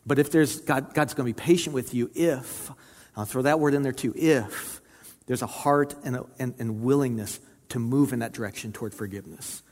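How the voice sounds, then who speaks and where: Earnest pastor preaching in a reverberant hall. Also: male voice, mid-range voice, moderate pace, darkish tone. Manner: earnest, repeats words for emphasis. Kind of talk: sermon.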